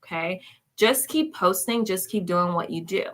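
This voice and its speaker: A woman's voice: lowish voice, animated, moderate pace, fairly bright tone. A woman hosting a casual commentary livestream, reading viewer comments aloud and reacting with laughs and exclamations, often calling her viewers "y'all.". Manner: chatty, addresses viewers as "y'all".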